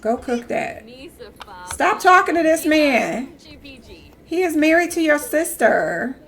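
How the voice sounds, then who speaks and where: A woman's voice: high voice, sing-song, takes it slowly, gravelly, fairly bright tone. A young woman chatting casually while live-streaming a game, talking back to the characters on screen.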